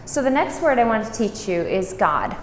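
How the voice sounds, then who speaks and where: A woman teaching a language lesson, patiently saying words slowly and repeating them for practice. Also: mid-range voice, very animated, slight background noise. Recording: roomy echo, distant mic.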